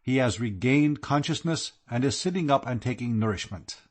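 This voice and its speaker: A man's voice: mid-range voice, expressive, normal speed, close to an everyday voice. A man voicing a stiff, formal male German count with a German accent, speaking in a courtly, ceremonious way.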